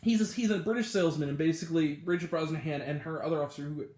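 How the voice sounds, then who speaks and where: A man's voice: a little high, very fast, darkish tone, reverberant. A man hosting a casual movie review show, rambling along with lots of ums and self-corrections. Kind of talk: casual spoken film review.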